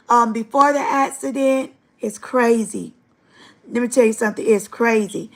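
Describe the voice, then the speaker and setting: A woman's voice: on the high side, a bit bright. A woman hosting a livestream, giving an earnest, emotional faith testimony straight to her viewers. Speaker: livestream host. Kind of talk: live-stream faith testimony.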